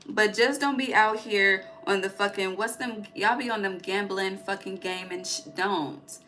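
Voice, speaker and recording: A woman's voice: mid-range voice, fairly even intonation, unhurried, sharp tone, slight background noise. A woman giving a casual tarot reading, blunt and profane, often ending her points with "okay?". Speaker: tarot reader.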